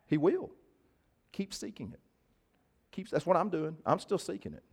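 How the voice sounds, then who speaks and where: A man's voice: mid-range voice, darkish tone. A male preacher, giving a sermon in a casual, folksy way and often asking his listeners to agree. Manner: conversational, folksy, asks the crowd to agree.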